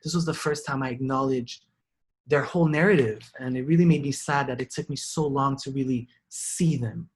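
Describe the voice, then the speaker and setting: A young Haitian man speaks at a normal speed and medium pitch during an artist talk about his own life. He's earnest and reflective, frequently restarting and repeating words.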